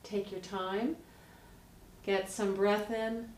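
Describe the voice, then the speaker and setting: A woman, a vocal coach, explaining how to speak healthily in a lively, direct teaching manner. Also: mid-range voice, takes it slowly. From United States. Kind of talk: instructional explanation with voice demonstrations. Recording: roomy, distant mic, faint noise.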